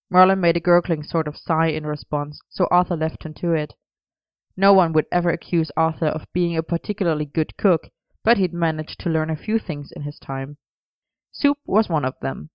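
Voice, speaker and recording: A woman reading a story aloud as narrator, gentle and even. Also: low voice, normal speed, no echo. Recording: dull lo-fi dry recording.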